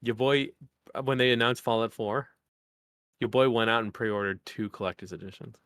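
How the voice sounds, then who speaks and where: A man's voice: medium pitch, normal speed, no room sound. Laid-back man, dry sound. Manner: relaxed, laughs often. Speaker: podcast co-host. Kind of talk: casual chat.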